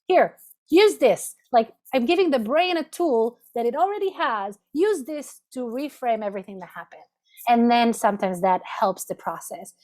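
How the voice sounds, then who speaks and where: Woman therapist, fairly high voice, teaching a lunch-and-learn over a video call, talks step by step with "right?" check-ins. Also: animated, normal speed, darkish tone. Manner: explanatory, repeats "right?" as a check-in. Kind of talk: professional lunch-and-learn talk. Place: home office, video call.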